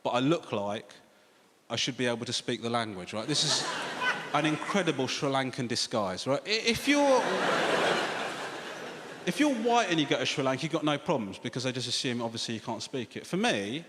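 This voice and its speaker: A man's voice: mid-range voice, lively intonation, normal speed. A British man doing a sardonic, sweary stand-up comedy set, talking straight to the crowd from a large theatre stage. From Britain. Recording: reverberant theatre with audience noise.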